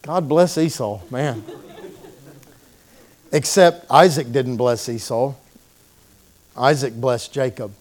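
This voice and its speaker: A man preaching a sermon in a church, telling the story with animated delivery and acting out the voices of its people. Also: mid-range voice, takes it slowly, long pauses. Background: congregation calling out responses.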